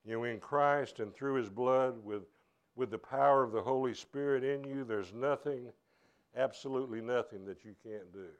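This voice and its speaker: A man's voice: medium pitch, normal speed, dull audio. A man preaching a sermon as pastor at a church service, earnest and conversational, often restarting his phrases.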